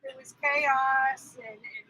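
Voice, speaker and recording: A woman's voice: high voice, completely flat delivery, sharp tone, faint music behind, poor audio. A woman co-hosting a spiritual live stream, thinking back on a story in a reflective, casual way and trailing off mid-thought. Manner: reflective, trailing off into long pauses.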